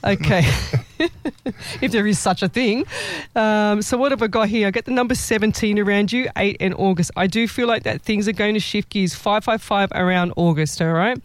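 A woman's voice: medium pitch, moderate pace, no room sound. A woman working as a psychic medium, giving a live reading on a show in a rambling, self-correcting way and laughing often.

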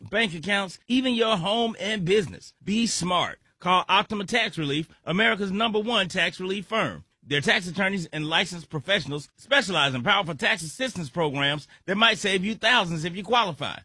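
A man's voice: sharp tone, slightly rough, no echo. Earnest male radio ad spokesman. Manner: earnest, direct sales pitch. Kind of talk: read radio ad.

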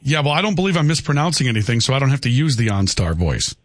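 A man hosting a call-in radio show, arguing his point in a stubborn, deadpan way. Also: mid-range voice, fast, dry recording. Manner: stubborn, argumentative, dry. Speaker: radio talk show host. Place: radio studio. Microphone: studio microphone.

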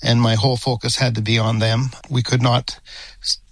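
Older man speaking measured and hesitant. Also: medium pitch, level tone, dry recording, low-quality recording. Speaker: retired airline captain, interviewee. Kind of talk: phone-in news interview.

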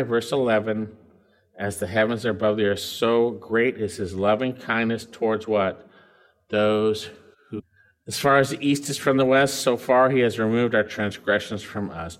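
A man preaching a verse-by-verse sermon, reading scripture and then explaining it with emphasis and questions to his listeners. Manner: emphatic, swings from loud highs to quiet lows; reads scripture aloud and asks the congregation questions. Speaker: pastor.

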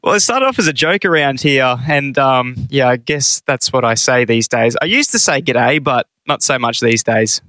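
An Australian man working as a radio producer chimes in with a laid-back, low-key manner. His voice is bright, and he sits in a dry studio. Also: expressive, moderate pace, hardly any pauses, no echo. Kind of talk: casual chat.

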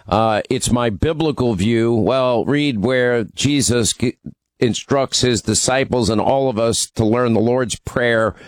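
A man hosting talk radio, speaking with emphatic conviction at a mid pitch. His voice is recorded close on a studio microphone with a dry, dead sound. He presses his points firmly and jokes with callers. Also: no echo. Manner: opinionated, emphatic, teasing with callers. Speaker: radio talk show host.

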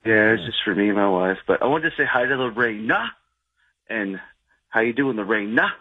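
A man's voice: lowish voice, expressive, moderate pace, husky, no echo. A man calling in to a radio show, rambling and complaining in a laid-back way. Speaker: caller. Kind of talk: call-in chat. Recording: tinny phone line.

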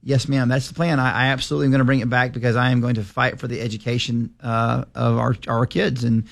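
Gravelly man in his forties. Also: mid-range voice, level tone, fast. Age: 40s. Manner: folksy, rambling storyteller. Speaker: guest, state legislator. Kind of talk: casual radio interview.

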